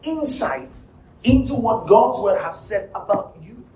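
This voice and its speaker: Man, pastor: high-pitched, repetitive sermon that swells into shouting; dull, distant live recording in a reverberant hall. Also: animated, unhurried. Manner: repetitive preaching that builds to shouting. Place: church hall. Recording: roomy, distant, dull live church sound. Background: music and congregation.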